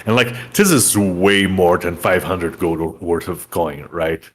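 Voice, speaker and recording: A man's voice: deep voice, takes it slowly. A young man running a tabletop game as dungeon master, describing scenes in a rambling way full of fillers.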